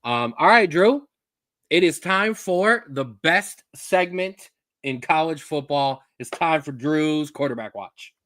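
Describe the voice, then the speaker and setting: A man's voice: on the high side, animated, unhurried, a bit bright, no echo, studio quality. Fired-up man ranting about sports. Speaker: co-host. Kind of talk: casual sports chat.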